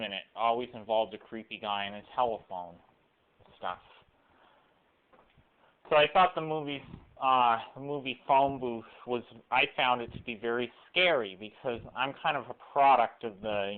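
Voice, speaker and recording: A young man rambling through a halting personal monologue, recorded on a cell phone camera. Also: medium pitch. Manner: halting, full of restarts and fillers. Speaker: vlogger. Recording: weak tinny cell phone audio.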